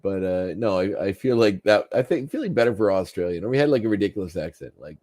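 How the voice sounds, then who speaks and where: Chatty low-voiced man. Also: expressive, fast, darkish tone. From Canada. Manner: chatty, laughs often, slips into jokey voices. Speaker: podcast co-host. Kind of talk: casual chat recapping a cartoon.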